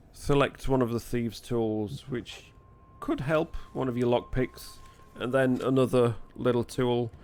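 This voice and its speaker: A man's voice: medium pitch, clean tone. A man with a Northern English accent narrating as dungeon master, explaining rules patiently and teasing his players. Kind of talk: narrating a tabletop game.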